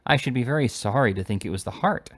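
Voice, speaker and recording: A man's voice: mid-range voice, expressive, fast, lightly acted. A man reading as a flustered old aunt. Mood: distressed. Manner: flustered, tremulous, genteel. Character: fussy flustered elderly aunt.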